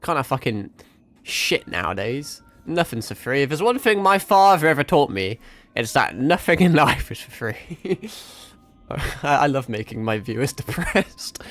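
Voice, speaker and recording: A man's voice: mid-range voice, very animated, unhurried. A man in his twenties streaming a game, rambling casually and swearing a lot, often mocking himself. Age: 20s. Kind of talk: casual live-stream chat.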